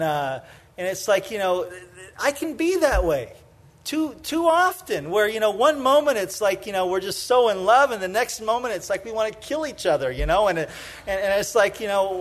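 A middle-aged man preaching a sermon in a conversational way, full of "you know" fillers, moving from lively storytelling into soft, hushed emphasis. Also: high-pitched. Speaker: pastor.

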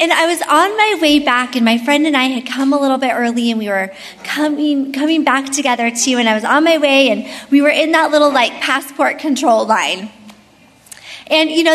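Woman Bible teacher, high voice, chatty storyteller, long hall reverb. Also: normal speed, a bit bright. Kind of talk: devotional teaching with personal story.

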